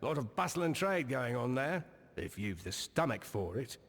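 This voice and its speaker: Gruff game trader, curt, grumbling, medium pitch. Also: male voice, sing-song, moderate pace, a bit bright. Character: gruff male traveler camp quartermaster.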